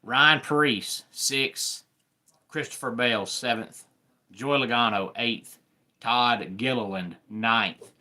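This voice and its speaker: A man with a Southern accent hosting a live sports talk stream, chatting with viewers in an unhurried way. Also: medium pitch, bright, forceful tone. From American South. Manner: unhurried, greets viewers by name.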